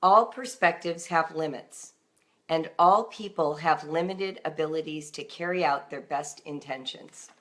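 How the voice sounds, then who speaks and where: Woman, low-pitched, gentle, reflective, morning voice, live stream talk. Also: unhurried. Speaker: homeschool writer reading her daily book on a live stream. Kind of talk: reading aloud then casual live chat.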